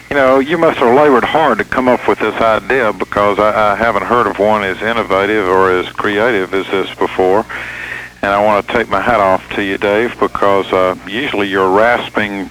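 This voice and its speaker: A man's voice: fairly low pitch, fairly bright tone, a little hiss or hum, low-quality recording. A man calling a radio show, delivering sarcastic backhanded compliments. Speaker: radio caller.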